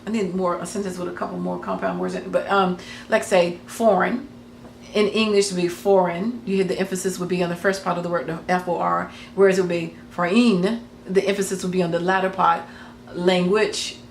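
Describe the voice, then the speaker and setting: A woman's voice: fairly low pitch, gravelly. A woman explaining casually to camera in a rambling, hesitant way, with many ums and self-corrections. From United States. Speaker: craft channel host. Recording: echoey room with faint noise.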